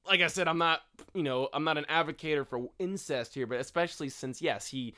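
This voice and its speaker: Animated young man ranting casually. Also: fairly high pitch, brisk. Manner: animated, profane, quotes characters in mocking voices. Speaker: podcast co-host. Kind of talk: casual chat.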